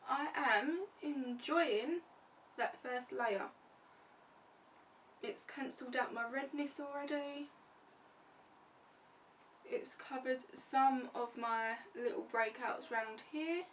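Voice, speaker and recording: A woman's voice: high-pitched, takes it slowly, pauses often, a bit bright. A woman beauty vlogger chatting casually through a makeup tutorial, narrating each step as she goes. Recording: distant mic with faint room noise.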